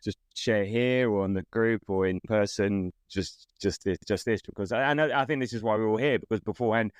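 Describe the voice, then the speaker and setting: A middle-aged man co-hosting a relaxed fan podcast, laughing easily and circling back over his words. His voice is a little low. The recording is dry and close. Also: brisk, clear, resonant tone, no room sound. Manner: warm, laughing, hesitant restarts. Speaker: podcast co-host. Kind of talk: casual fan podcast chat.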